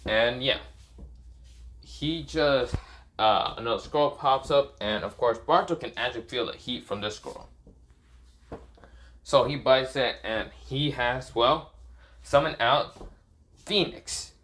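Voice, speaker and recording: A man improvising a fan story aloud, rambling with many fillers and clearing his throat often. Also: medium pitch, takes it slowly, pauses often, fairly bright tone, a little hiss or hum.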